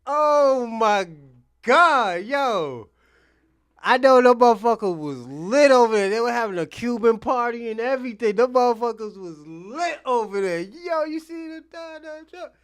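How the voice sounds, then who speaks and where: High-pitched man, profane, laughing, casual commentary. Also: normal speed, clear, resonant tone. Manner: laughing often, profane, animated. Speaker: host.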